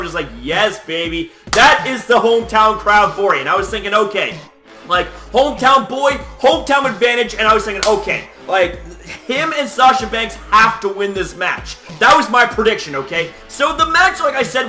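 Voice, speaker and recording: Young male recap host, high lively voice, roomy sound with faint music underneath. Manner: animated, swears a lot, filler-heavy. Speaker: wrestling commentator, channel host. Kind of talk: casual video recap. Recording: echoey room with faint music.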